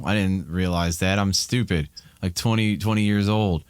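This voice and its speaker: A man from Ohio, in his thirties, talks in a candid, rambling way, often restarting his sentences. His voice sits low. The sound is dry and close. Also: steady tone, moderate pace, clean tone, dry recording. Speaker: podcast guest. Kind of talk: casual chat.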